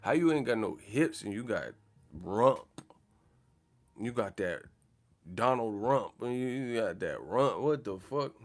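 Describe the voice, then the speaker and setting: A man's voice: medium pitch, lively intonation, moderate pace. A man hosting a boxing channel livestream, chatting casually in a profane, joking, slangy way. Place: in the Bay Area, California.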